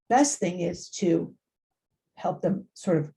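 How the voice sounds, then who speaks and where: Animated woman giving a parenting talk. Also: fairly low pitch, takes it slowly, creaky. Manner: animated, acts out quoted voices, repeats phrases. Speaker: family engagement speaker. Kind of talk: informal parent workshop talk.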